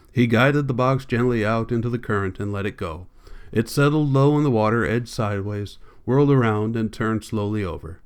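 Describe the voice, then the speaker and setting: A man reading a novel aloud as an audiobook narrator, in a plain, unhurried manner, lightly voicing the characters' lines. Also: lowish voice, clean tone. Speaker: audiobook reader.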